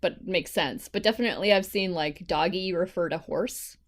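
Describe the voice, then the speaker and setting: A woman's voice: fairly low pitch, moderate pace. A woman hosting a podcast, chatting casually and chiming in with short comments and quips. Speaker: podcast host interviewing a guest.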